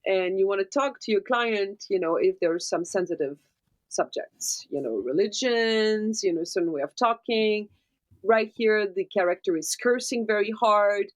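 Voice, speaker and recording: A woman, a dubbing producer, gives animated interview answers and keeps checking in with tag questions. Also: mid-range voice. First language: French. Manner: animated explainer, tag questions like right and okay.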